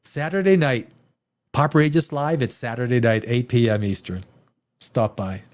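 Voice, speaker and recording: A man's voice: mid-range voice, normal speed. A man hosting a show as a screenwriter, ranting through a review with lots of restarts and swearing. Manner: animated, restarts often, swears, mimics dialogue.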